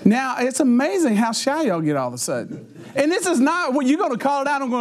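A middle-aged man speaks to a youth group in a high voice that swoops up and down with a lot of life. He keeps laughing through his own lines and acts out the quotes in his stories, as if chatting with the teens. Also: fast talker. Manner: laughs often mid-sentence, animated, acts out quotes. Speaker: youth pastor. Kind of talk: humorous storytelling talk to teenagers.

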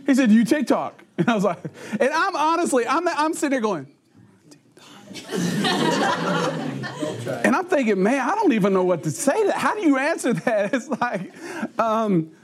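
A middle-aged man speaks to a youth group in a high voice that swoops up and down with a lot of life. He keeps laughing through his own lines and acts out the quotes in his stories, as if chatting with the teens. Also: normal speed, pauses often, a crowd in the background. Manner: laughs often mid-sentence, animated, acts out quotes. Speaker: youth pastor. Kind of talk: humorous storytelling talk to teenagers.

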